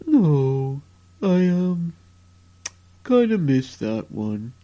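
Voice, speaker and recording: A shy young man mumbles short, halting answers at a crawl, as a woman puts him on. His voice is low and dark, and it swoops up and down. It comes through dull and lo-fi, from a little away from the mic. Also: sing-song, heavily acted. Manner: drawn-out, halting replies.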